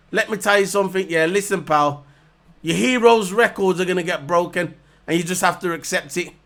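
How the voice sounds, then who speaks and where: A man, voice pitched high and bright, launches into a casual rant to camera. He sounds heated and mocking, hammering the same points again and again. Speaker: vlogger reviewing races. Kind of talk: ranting casual monologue to camera.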